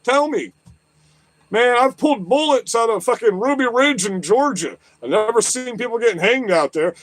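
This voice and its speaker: A man's voice: high-pitched, no echo. A man hosting a livestream, delivering an agitated political rant full of profanity and repeated questions. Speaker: livestream host. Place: lives in southwest Florida.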